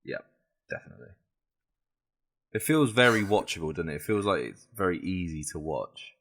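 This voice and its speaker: A British man in relaxed conversation, his voice sitting a little low but swinging widely in pitch. He is talkative and quick to laugh, and he throws in cheeky swear words. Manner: chatty, laughs easily, playful swearing. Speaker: podcast co-host. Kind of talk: casual chat.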